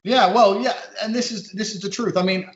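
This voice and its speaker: Man, podcast guest, quick storytelling, fairly high voice, echoey muffled audio. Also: steady tone. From American-British. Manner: rapid storyteller, acts out voices in anecdotes. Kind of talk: casual podcast conversation.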